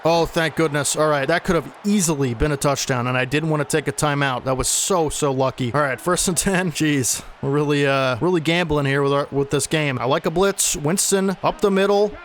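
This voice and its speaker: A young man giving play-by-play commentary over a football video game he is playing, excitable and talking to viewers as folks. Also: a little high, a little fast, few pauses, slight background noise. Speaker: gaming channel host.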